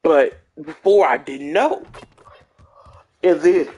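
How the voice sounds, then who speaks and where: A man's voice: on the high side, slow, a little mellow, slightly rough, lo-fi sound. A man streaming a game who tells a childhood story in a rambling, slangy way, full of fillers and restarts. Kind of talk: casual storytelling while gaming.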